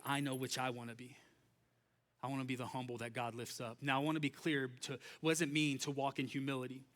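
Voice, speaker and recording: A man's voice: medium pitch, fairly bright tone. A young adult male pastor preaching a sermon in a conversational way, with frequent restarts and fillers.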